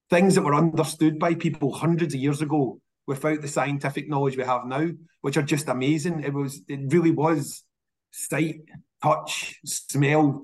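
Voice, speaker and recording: Scottish man, casual interview guest, lively storyteller who doubles up words when he restarts. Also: fairly high pitch. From Scotland. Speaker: whisky industry guest.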